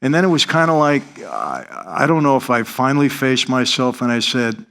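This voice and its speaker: A man's voice: medium pitch, lively intonation, moderate pace, gravelly, a bit bright, clear, resonant tone. A middle-aged man, telling his life story in earnest, confessional style as an interview guest. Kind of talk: interview testimony.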